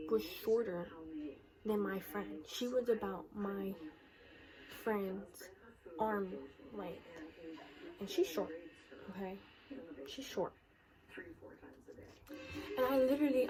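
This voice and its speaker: A woman's voice: mid-range voice, slow, long pauses, crowd noise, low-quality recording. A teenage girl retelling a school confrontation as a vlog storytime, acting out the quoted lines. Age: teens. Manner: animated retelling, acts out quoted dialogue. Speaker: vlogger.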